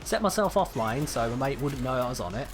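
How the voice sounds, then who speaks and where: Chatty Southern English streamer. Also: male voice, mid-range voice, expressive, fairly quick, over music. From Birmingham, England. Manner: chatty, reads and answers viewer chat while playing. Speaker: gaming streamer. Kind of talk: casual live-stream chat.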